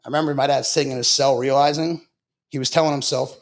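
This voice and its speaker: A podcast guest from Long Island, New York, tells his story bluntly and casually, swearing and saying "bro" a lot. His mid-range voice holds a steady tone at a quick pace.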